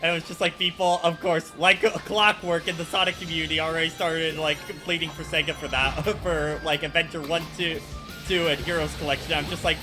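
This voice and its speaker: A man's voice: fairly high pitch, fairly even intonation, a little fast, music in the background. A man hosting a live game stream, chatting casually with friends and laughing often. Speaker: stream host. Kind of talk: casual chat while gaming.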